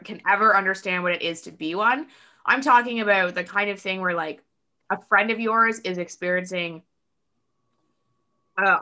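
A woman chatting as a podcast guest, talking in a loose, fast way with many "like" fillers and acting out quotes in lively voices. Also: mid-range voice. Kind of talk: casual podcast conversation.

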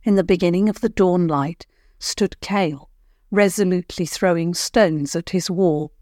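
A woman telling a children's bedtime story in a calm, soothing, unhurried way. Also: fairly low pitch, no room sound, studio quality.

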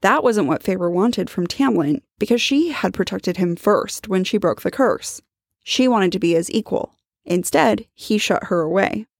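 A woman's voice: medium pitch, animated, measured pace, creaky, no echo, clean studio sound. A woman with a Californian accent co-hosting a casual book podcast, reading from her notes and laughing often. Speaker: podcast co-host.

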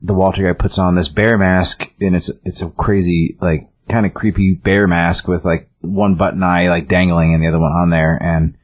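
Husky, deep-voiced man rambling about comics. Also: flat delivery, normal speed, hardly any pauses. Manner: rambling, restarts often, loose summary with quoted lines. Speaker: comic book show co-host. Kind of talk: casual comic review chat.

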